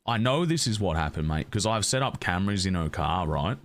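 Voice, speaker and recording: A blustering Australian bloke from a role-play game, voiced by a man who lays the accent on thick. He spins a wild tale with a lively, bouncing pitch and caps every phrase with "mate". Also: fairly quick. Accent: overdone Australian.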